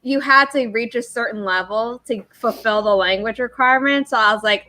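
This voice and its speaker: A woman's voice: on the high side, brisk, few pauses, bright, forceful tone, rough recording. A woman hosting a livestream, chatting casually and rambling from one story to the next. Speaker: livestream host. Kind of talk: casual chat.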